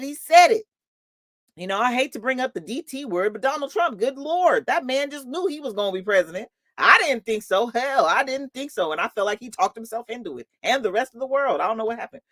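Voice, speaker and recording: Lively, chatty woman coach talking to listeners. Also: mid-range voice, no echo. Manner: lively, chatty, calls listeners honey and y'all; laughs often between points. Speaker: host and motivational coach. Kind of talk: motivational live talk.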